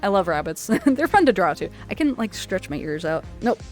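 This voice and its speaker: Faint music plays behind a woman whose medium-pitched voice has a sing-song lilt at a moderate pace. Speaking through a VR headset mic, she hosts a charity stream from home in VR chat, giggling and chatting casually.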